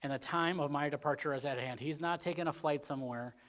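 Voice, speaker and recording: A man preaching a Wednesday sermon in church in a rambling, conversational way, full of "you know" fillers, swinging between emphatic points and quiet asides. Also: on the high side, quick pace. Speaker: pastor.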